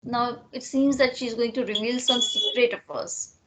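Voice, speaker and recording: A woman's voice: on the high side, fairly even intonation, normal speed, a bit bright, rough recording. A woman with an Indian English accent, a literature teacher, explaining a play to students in a digressive classroom style.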